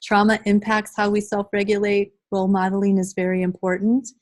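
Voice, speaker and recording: A woman's voice: medium pitch, monotone, fairly quick, rough recording. A middle-aged woman leading a live training workshop, talking conversationally and addressing the group directly.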